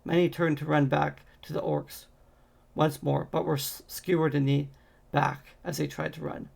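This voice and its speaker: A man reading a fantasy novel aloud in a steady way, with occasional slips and restarts. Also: fairly high pitch, moderate pace, gravelly. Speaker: audiobook reader.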